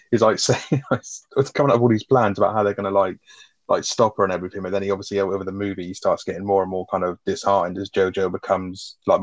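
A man co-hosting a casual film review, rambling, swearing and laughing as he talks. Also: sits low. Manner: fast, rambling, swears often, laughs a lot. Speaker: podcast co-host.

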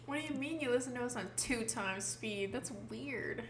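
A woman co-hosting a casual podcast, blunt and quick to swear and laugh. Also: fairly high pitch. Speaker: podcast co-host. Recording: faint background noise.

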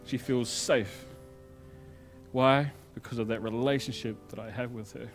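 A male pastor preaching a sermon in a conversational storytelling way, moving between loud emphasis and quiet asides. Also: medium pitch, fairly even intonation, unhurried, faint music behind.

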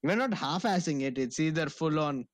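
A man's voice: fairly high pitch, expressive, moderate pace, no echo, clean studio sound. A young man co-hosting a podcast, joking and teasing in casual, sweary banter. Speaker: podcast co-host. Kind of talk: casual chat.

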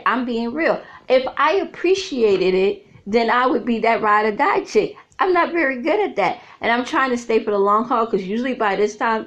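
A middle-aged woman speaks to her viewers in a frank, chatty monologue, laughing easily as she tells her stories. Her voice sits at an ordinary middle pitch for a woman. The recording sounds a little dull and lo-fi. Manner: frank, chatty storyteller who laughs often. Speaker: vlogger and author. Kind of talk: candid casual monologue to viewers. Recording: slightly dull lo-fi audio.

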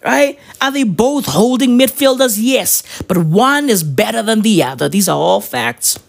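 A man's voice: high-pitched, animated, unhurried, gravelly. A man ranting about his football club in a casual, slangy style, swearing and tagging his lines with "right?" and "bruv". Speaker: football fan vlogger.

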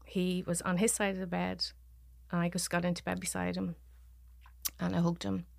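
A podcast guest, a woman with a Dublin Irish accent, tells her story in a low, gravelly voice. She stops and restarts her sentences and acts out what others said. The sound is dry and close. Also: completely flat delivery, no echo. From Ireland. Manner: halting, restarting sentences, voicing others' words. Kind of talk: personal story told in conversation.

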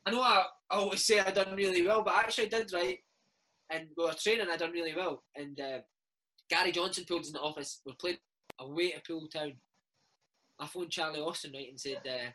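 A man's voice: a little high, steady tone, quick pace, pushed and bright, a little hiss or hum, rough recording. A Scottish man in his thirties, a former footballer telling stories in a casual interview, dropping "mate" and "eh" all the time. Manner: chatty, peppers speech with "mate" and "eh".

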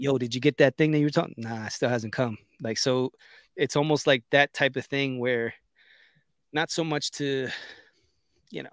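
Here a man co-hosts a podcast, trading stories in casual talk and animatedly acting out quotes. His voice is mid-range, and the studio sound is clean with no room sound.

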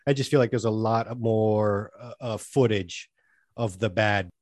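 A laid-back man co-hosts a casual podcast in an easygoing, chatty way. His voice is lowish and recorded dry and close. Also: a little slow, darkish tone, no room sound. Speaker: podcast co-host. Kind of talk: casual chat.

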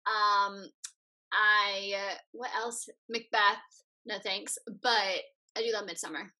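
A woman co-hosting a podcast in casual chat, easygoing and agreeable, with halting starts. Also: medium pitch, steady tone, sharp tone. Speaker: podcast co-host.

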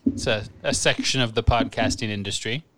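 A young man co-hosting a casual comedy podcast, joking and self-mocking with quick asides. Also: on the low side, fairly even intonation, fairly bright tone. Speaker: podcast co-host.

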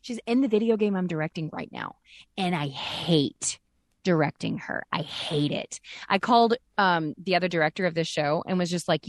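A woman's voice: on the low side, normal speed, no echo, studio quality. A woman who works as a voice actress and director, talking openly and chattily as a podcast guest and acting out sounds in her stories. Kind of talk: candid casual podcast chat.

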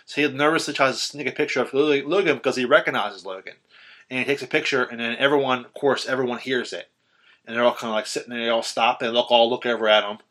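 Bright-toned young man, rambling and profane. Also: medium pitch, steady tone, fast talker. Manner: rambling, profane, many fillers. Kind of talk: casual film chat.

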